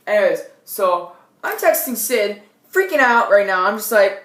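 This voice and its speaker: A young woman vlogging on a tablet at home, telling a scary story in an animated way, with loud outbursts and quiet asides. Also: medium pitch, normal speed, reverberant. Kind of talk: casual storytelling vlog. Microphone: tablet built-in mic.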